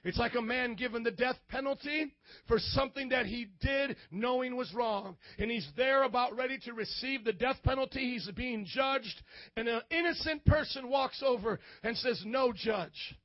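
A man who is a pastor, preaching a sermon in church with call-and-response, rising into shouts. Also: extremely high pitch, moderate pace, no room sound, dull audio.

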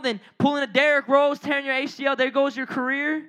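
A young man preaching a youth sermon in an animated, casual way, full of slang and sudden outbursts. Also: very high-pitched, fairly quick, hardly any pauses. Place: church or youth gathering.

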